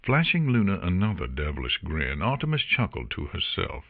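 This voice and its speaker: A man reading an audiobook, narrating in an expressive storytelling manner. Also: low voice, moderate pace, dry recording, studio quality. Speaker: audiobook reader.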